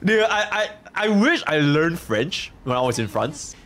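A young man streaming, chatting casually, rambling and joking, with bursts of loud laughter. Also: a little high, sing-song, measured pace.

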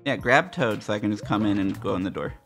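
A man narrates his gameplay in a bright, forceful voice, swearing at the other players. His exasperation shows in every line. Faint game music plays behind him. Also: on the low side, animated, fast talker. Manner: frustrated, profane, exasperated muttering at other players. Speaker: gaming YouTuber. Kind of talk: gameplay commentary.

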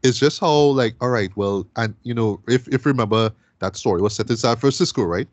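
A man's voice: medium pitch, a little fast, no echo. A man hosting a casual film review podcast, talking things through in a chatty way and tagging many phrases with "right?".

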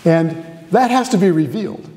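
A man's voice: sits high, animated, moderate pace, warm tone, big-room sound. A man giving a university lecture as a guest theology professor, conversational and often asking the audience questions. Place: lecture hall with a live audience.

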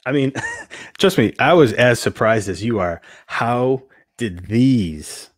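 A man's voice: medium pitch, expressive, takes it slowly, dry recording, clean studio sound. A man co-hosting a toy podcast, telling stories in a rambling, hesitant casual chat.

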